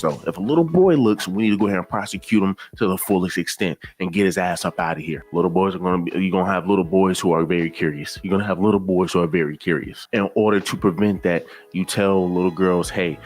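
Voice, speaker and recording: A man with a very low voice talks straight to his viewers in loose reaction commentary. He keeps tagging his phrases with "right" and "man." Faint music sits under his voice. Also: quick pace, few pauses, darkish tone. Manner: repeats "right" and "man" constantly, conversational. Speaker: commentary channel host.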